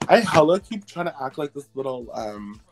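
A woman's voice: rumbling low, big pitch swings, moderate pace. A young woman co-hosting a podcast, chatting casually with crude, laughing banter. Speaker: podcast co-host. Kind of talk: casual chat.

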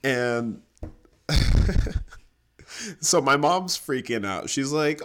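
A man's voice: mid-range voice, takes it slowly, pauses often, clear, resonant tone. A young man telling a funny personal story in casual chat, laughing often and acting out the people he quotes. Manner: animated, laughing, acts out quoted voices.

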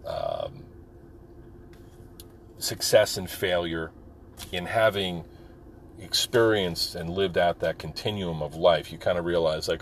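A man's voice: sits low, lively intonation, unhurried, long pauses, fairly bright tone, a little hiss or hum. A man and military veteran talking candidly in a casual monologue, rambling with many fillers.

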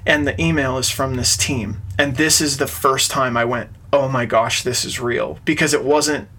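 A man's voice: medium pitch, fairly even intonation, normal speed, sharp tone. A man, an interview guest, earnestly recounting a personal story in conversation. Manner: earnest, retells events with quoted dialogue.

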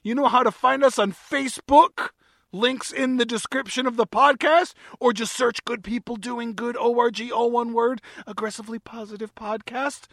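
Male solo podcast host: upbeat and jokey, bright, dry-sounding voice. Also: very high voice, steady tone, moderate pace, no echo. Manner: upbeat, jokey, self-mocking.

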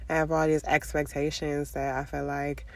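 A woman's voice: low-pitched, flat delivery, normal speed, creaky. A woman in her twenties with a nasal, stuffy voice from a cold, rambling candidly in a casual confessional vlog. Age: 20s. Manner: rambling, filler-heavy, candid. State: congested, under the weather. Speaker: vlogger.

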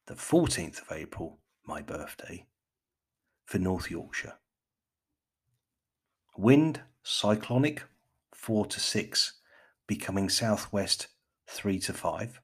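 A man putting on a BBC-style British accent to play a mock radio weather forecaster, reading in a slow, measured, formal way. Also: low-pitched, breathy edge, full character voice. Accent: put-on BBC-style British.

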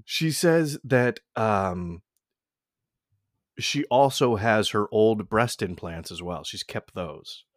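A man's voice: fairly low pitch, animated, slow, no echo, studio quality. A young man telling a crude story in casual banter, rambling and restarting often. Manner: rambling, profane, many restarts.

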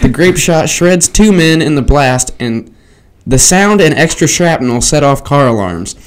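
A man reading aloud in a put-on accent as a pompous colonial-era gentleman defending his home with old weapons. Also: a little high, expressive, a little slow, smooth, voice pushed up. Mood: gleeful bluster. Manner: theatrical put-on accent, gleeful.

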